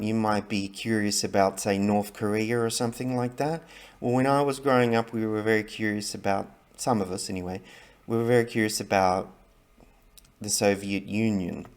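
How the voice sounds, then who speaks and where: A middle-aged man talking casually to camera about learning languages, chatty and rambling, with many fillers and restarts. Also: lowish voice.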